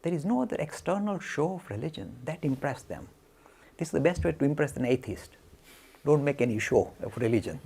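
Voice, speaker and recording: A man giving a spiritual talk, telling a story in an animated way and acting out the quotes. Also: a little high, a little fast, vocal fry, husky. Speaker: lecturer.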